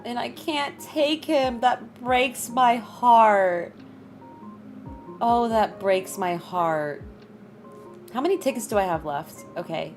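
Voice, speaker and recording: A young woman talks casually to her live-stream viewers, reading their names and chatting between moves. Her pitch swings widely, and soft game music plays faintly underneath. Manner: chatty, greets chat, bursts of high laughter.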